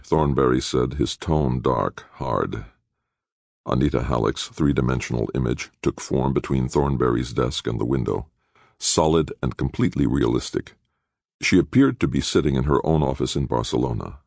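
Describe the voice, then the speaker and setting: A man reading an audiobook as narrator in a measured storytelling way. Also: very deep voice, animated, gravelly, darkish tone, dry recording, clean studio sound. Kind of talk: scripted narration.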